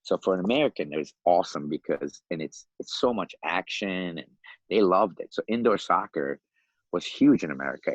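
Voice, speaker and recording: A man in his fifties from Iran, a podcast guest telling his life story in a lively, animated way, often laughing and acting out the voices of other people. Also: low voice, no echo, muffled recording. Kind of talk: casual storytelling.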